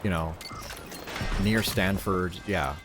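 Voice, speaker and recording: Speaking slowly in a low voice, a male streamer rambles through casual chat during a shooter game, swearing freely. His accent is neutral, music plays in the background, and loud gunfire from the game sits behind his voice.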